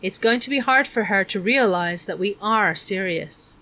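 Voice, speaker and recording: A woman reading aloud, voicing an ancient, creaky-voiced woman who explains things earnestly and fondly. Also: mid-range voice, animated, normal speed, bright, forceful tone. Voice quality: creaky, like an unoiled hinge.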